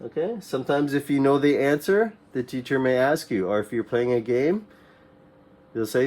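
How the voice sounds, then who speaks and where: A man teaching a classroom English lesson to young learners, repeating simple commands slowly for them to echo. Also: medium pitch, lively intonation, a little mellow. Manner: slow, repeats phrases for students to echo; mimics classroom commands in a raised voice.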